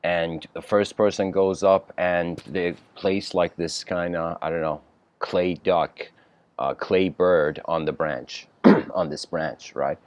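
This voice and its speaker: A man giving an informal lecture, telling a story with many fillers and frequent throat clearing. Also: deep voice, fairly even intonation, slow, no room sound, lo-fi sound.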